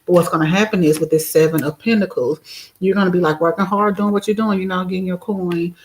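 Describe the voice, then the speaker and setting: A woman's voice: fairly low pitch, fairly even intonation, fast talker, darkish tone, rough recording. A woman giving a casual, chatty live tarot reading, giggling and filling her talk with "you know" and "like" while nursing a sore throat. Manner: chatty, giggly, lots of fillers. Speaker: tarot reader.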